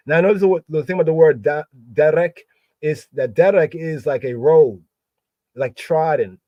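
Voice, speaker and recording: A man's voice: on the high side, normal speed, no echo, dull audio. A man teaching a live scripture study, repeating words over and over and drawing them out.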